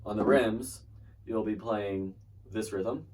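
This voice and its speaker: A man's voice: fairly low pitch, fairly even intonation, slow pace, heavy background noise. A man giving a casual, chatty drumline lesson, breaking down snare and tenor parts and trailing off mid-demonstration. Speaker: drumline instructor. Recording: distant mic with loud drum music.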